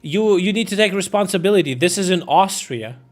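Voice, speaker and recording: A man's voice: high-pitched, lively intonation, a little fast, faint music behind. A man live-streaming, reading out war news headlines and commenting on them in a casual, irreverent way, swearing and laughing as he goes and stumbling over names.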